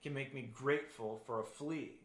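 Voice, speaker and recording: A man's voice: medium pitch, moderate pace, lightly acted. A man reading aloud the lines of a frightened, doubting young woman prisoner in an echoey room. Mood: reluctant. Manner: read aloud in plain storytelling voice.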